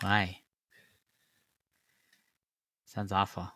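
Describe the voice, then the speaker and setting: A man from Arizona co-hosting a podcast, chatting casually with a dry, deadpan humor. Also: low voice, drawn-out words, dry recording. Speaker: podcast co-host. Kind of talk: casual chat.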